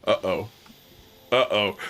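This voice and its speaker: A man's voice: on the low side, takes it slowly, fairly bright tone, soft background music. A man hosting a casual commentary stream, mocking and profane as he talks. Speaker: host.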